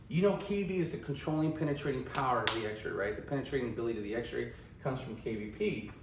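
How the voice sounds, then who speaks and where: A man's voice: medium pitch, roomy sound, far from the mic, a little hiss or hum, poor audio. Chatty male radiography teacher. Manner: chatty, asks "right?" often. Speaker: radiography instructor. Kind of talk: casual classroom lecture.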